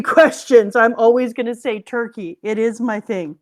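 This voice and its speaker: A middle-aged woman from Canada, co-hosting a casual stream over a voice call, loud and joking and swearing freely. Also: fairly high pitch, normal speed, few pauses. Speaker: co-host and teacher. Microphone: home microphone over a voice call.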